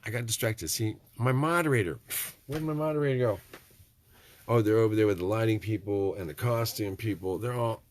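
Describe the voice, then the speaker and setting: A middle-aged man, rambling in a folksy, preachy vlog monologue with joking asides. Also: low-pitched. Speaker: vlogger.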